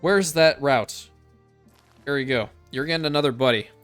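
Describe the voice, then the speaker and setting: A man with a bright, forceful voice talks through a strategy game in casual commentary, musing to himself and throwing in the odd swear word. Faint game music plays behind him. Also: mid-range voice, normal speed. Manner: thinks aloud, casual swearing. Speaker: let's play host.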